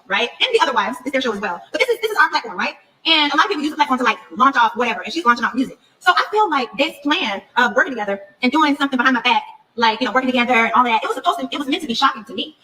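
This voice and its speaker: A woman's voice: high-pitched, far from the mic, rough recording. A woman on a podcast, candidly telling a story and acting out the voices of the people she quotes. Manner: animated, mimics voices in retold conversations. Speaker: reality TV cast member on a podcast.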